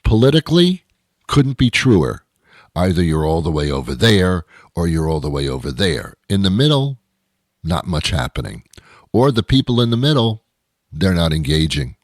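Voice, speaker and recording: Host, male, very low voice, dry close sound, wry rambling monologue. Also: animated, no room sound. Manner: wry, rambling, with dramatic pauses. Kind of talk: comedic monologue.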